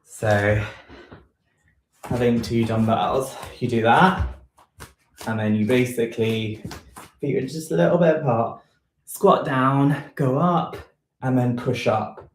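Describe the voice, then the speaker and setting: A man's voice: mid-range voice, steady tone, slow pace, pauses often, echoey room, poor audio. A man leading a home workout in casual talk, thinking aloud with many ums and self-corrections, a bit out of breath. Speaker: fitness vlogger leading a live workout. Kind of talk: casual live workout instruction. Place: room at home.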